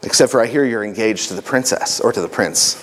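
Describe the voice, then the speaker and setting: A man puts on a masked man in black who mocks and taunts, dry and low. The voice rings out with a long reverb, as in a large hall. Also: fast, a crowd in the background, close to an everyday voice. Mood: taunting.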